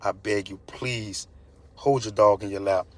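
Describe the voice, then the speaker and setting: A man voicing an injured, tired soldier begging quietly for a seat. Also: on the low side, steady tone, a little slow, voice pushed down, close to an everyday voice. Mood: pleading. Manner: tired, pleading. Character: weary pleading injured soldier.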